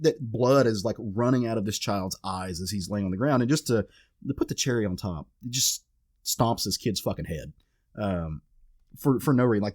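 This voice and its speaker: Animated man recapping a comic. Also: on the low side, no echo, studio quality. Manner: animated retelling, acts out quoted characters. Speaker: podcast co-host. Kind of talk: casual chat recapping a comic.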